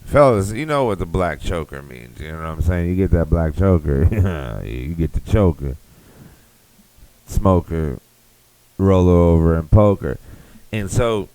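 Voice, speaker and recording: A young man with a deep, low voice hosts a podcast and riffs through a crude comic rant. He rambles, swears freely and keeps circling back to the same catchphrase. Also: sing-song, normal speed, few pauses, darkish tone, no echo, poor audio. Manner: rambling, profane, riffing. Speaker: podcast host.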